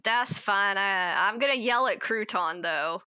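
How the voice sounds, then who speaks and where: A woman playing a tabletop game in character, deadpan and cutting. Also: medium pitch, a little slow, clear, resonant tone, no room sound. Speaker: player.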